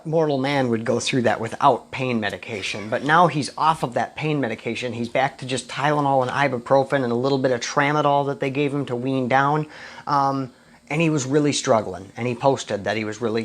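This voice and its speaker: A man speaking live to his online followers about recovery and letting go of resentment. He talks at a mid pitch, earnest and animated, and often stops to restart a sentence before pushing on. It sounds like a plain personal stream from home. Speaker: recovery talk host. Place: home, recording a live video.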